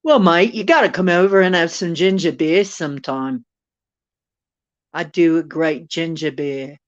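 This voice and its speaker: A woman's voice: sits low, little pitch movement, unhurried, warm tone, dull audio. A woman putting on a hearty Aussie mate. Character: hearty Australian host offering ginger beer.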